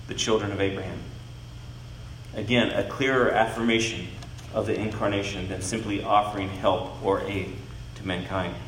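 Slow, deliberate male Bible teacher. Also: mid-range voice, fairly bright tone, roomy sound, a little hiss or hum, rough recording. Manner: slow, deliberate, emphatic, leans on key words.

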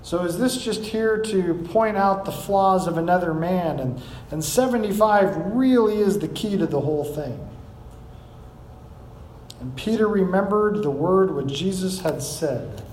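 A man's voice: high voice, expressive, a little slow, darkish tone, echoey room, slight background noise, poor audio. A man preaching a sermon, reading scripture aloud and explaining it with rising emphasis. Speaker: pastor.

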